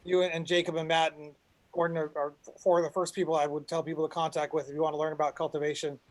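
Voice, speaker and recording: A man's voice: fairly high pitch, flat delivery, fast talker. A man hosting an online panel, talking in a rambling way with frequent restarts, over a video call. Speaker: panel host.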